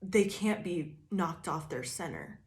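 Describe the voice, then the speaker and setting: A woman with a slightly low voice reads tarot for her viewers in a loose, casual way. She drawls through plenty of fillers and swears freely as she talks. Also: lively intonation, slow pace, a little mellow. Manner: laid-back, profane, drawling with fillers. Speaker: tarot reader. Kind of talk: casual channeled tarot reading.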